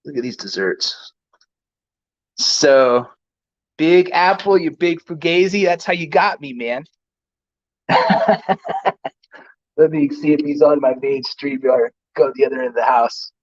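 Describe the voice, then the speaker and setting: A man hosting a live stream, telling an excited, rambling story in casual chat. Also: fairly high pitch, a little slow, long pauses, lo-fi sound. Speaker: livestream host.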